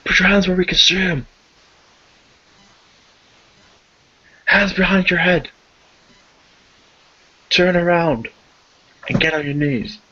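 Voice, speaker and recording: A man's voice: fairly low pitch, normal speed, darkish tone, slightly rough. A man voicing a brusque male police officer who barks commands at a suspect. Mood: barking. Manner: barking commands. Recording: dull lo-fi audio.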